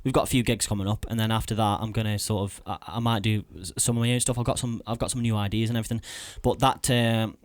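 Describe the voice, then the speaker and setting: A man hosting a podcast in casual, sweary, excitable chat. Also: fairly low pitch, no echo. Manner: fast, sweary, excitable chatter. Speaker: podcast host.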